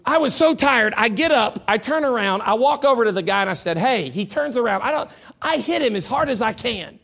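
A man of forty preaching a sermon, swinging from loud shouted lines to quiet prayer and restarting his words often. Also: extremely high pitch, animated, fairly quick, gravelly. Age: 40s.

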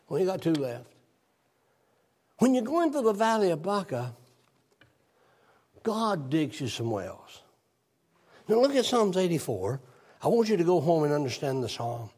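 An older male pastor, possibly, preaching a sermon. He tells a personal story and reads scripture aloud, dropping low and soft for emphasis. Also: sing-song, a little slow, long pauses, husky.

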